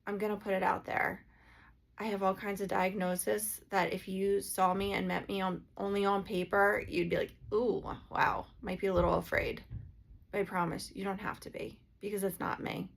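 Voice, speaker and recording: Earnest lady energy healer chatting to camera, bit of vocal fry, says like a lot. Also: medium pitch, flat delivery, moderate pace. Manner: earnest, many filler "like"s. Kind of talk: casual heartfelt vlog talk.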